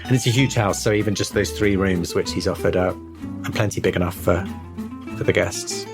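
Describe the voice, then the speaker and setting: A man's voice: low voice, brisk, creaky, music in the background. A man narrating a tabletop horror game as game master, in a loose, rambling way.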